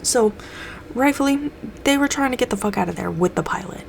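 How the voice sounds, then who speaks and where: A woman's voice: on the high side, animated, brisk, gravelly, slight background noise. A young woman casually recapping a TV episode, loose and profane, acting out the characters' lines as she goes. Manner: loose, swears a lot, acts out characters' lines.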